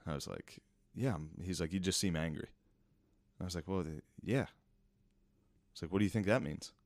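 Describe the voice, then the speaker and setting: Deep-voiced laid-back podcast man. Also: normal speed, a little mellow, no room sound. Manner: laid-back, swearing, rambling stories with silly put-on voices. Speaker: podcast co-host. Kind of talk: casual podcast chat.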